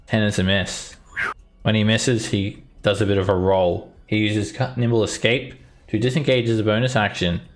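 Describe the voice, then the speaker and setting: A man's voice: on the low side, fairly even intonation, moderate pace, faint music behind. A man narrating a tabletop role-playing game as its dungeon master, with vivid descriptions.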